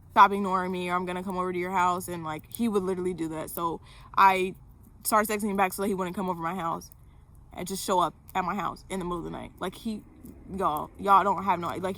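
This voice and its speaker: A woman's voice: lowish voice, gravelly, a bit bright. A young woman vlogger telling a personal story to camera, candid, with lots of fillers and swearing.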